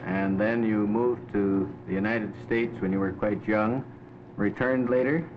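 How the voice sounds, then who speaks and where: A man's voice: fairly low pitch, steady tone, unhurried. A man interviewing a guest with polite, courteous questions in a formal broadcast manner. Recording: dull lo-fi 1950s recording with faint hiss.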